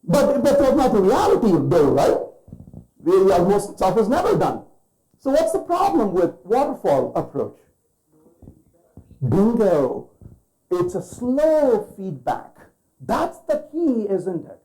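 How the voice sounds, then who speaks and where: Lively, mellow-voiced man giving a keynote. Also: sits high, slow pace, pauses often, low-quality recording. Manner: rhetorical questions to the audience, acts out quoted voices. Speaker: keynote speaker. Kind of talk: conference keynote talk.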